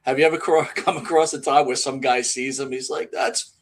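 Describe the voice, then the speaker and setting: A man's voice: medium pitch, fairly even intonation, a little fast. A man co-hosting a wrestling podcast, asking enthusiastic, rambling questions. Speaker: podcast co-host. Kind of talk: casual podcast interviewing.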